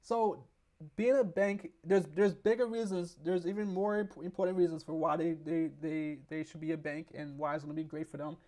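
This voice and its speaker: Man, hoarse, slightly high voice, casual market explainer, rambling, reads articles aloud. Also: fairly even intonation, normal speed, dark tone. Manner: rambling, many restarts, reads news aloud. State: losing his voice, hoarse. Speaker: stock market video host. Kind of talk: casual explainer with screen reading.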